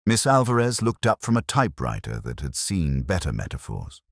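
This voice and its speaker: A man's voice: rumbling low, huge pitch swings, normal speed, no room sound, studio quality. A man narrating a hardboiled mystery in a wry, clipped first-person delivery.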